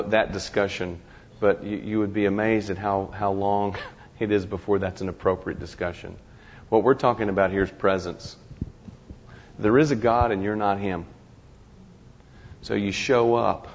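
A man with a low, gravelly voice gives an informal lecture, talking conversationally and stumbling over restarts while slipping in wry jokes at his own expense. The recording is dull and lo-fi, and it carries a long reverb from a large hall. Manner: conversational, halting restarts, wry self-deprecating humor. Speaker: guest speaker to a ministry class.

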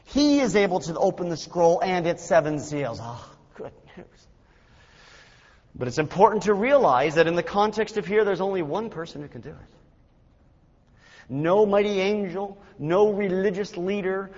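High-voiced preacher in an echoing hall. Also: male voice. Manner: dramatic rises and hushed drops in delivery. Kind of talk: sermon. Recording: dull lo-fi recording with long hall reverb.

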